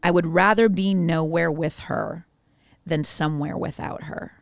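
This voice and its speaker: Casual podcast co-host: woman, on the low side for a woman, dry close sound, gushing and animated. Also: a little slow, gravelly, no room sound. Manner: animated, gushing, swears playfully.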